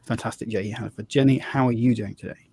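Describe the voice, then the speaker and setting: A man's voice: medium pitch, steady tone, fast talker, dark tone, breathy edge. A man hosting a live tabletop game stream as game master, talking in a loose, chatty way with fillers and restarts.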